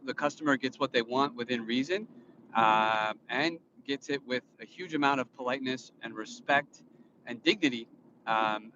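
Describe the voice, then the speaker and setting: A man in his thirties, filming himself on a phone in a car for a casual vlog monologue. He rambles with many fillers and restarts, in an indignant, lecturing tone. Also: mid-range voice. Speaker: vlogger and father. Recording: muffled, with road noise. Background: vehicle noise.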